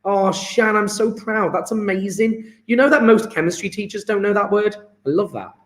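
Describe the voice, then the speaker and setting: A high-voiced man teaching chemistry in an easygoing, encouraging way, peppering his talk with "yeah?". His voice rings in an echoey room. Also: moderate pace. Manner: chatty, encouraging, fillers of "yeah?". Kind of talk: live online lesson.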